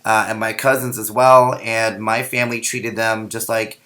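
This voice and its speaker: A man's voice: fairly low pitch, level tone, normal speed, sharp tone. A young man from the Philippines, co-hosting a podcast in a casual, joking chat with rambling fillers. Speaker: podcast co-host.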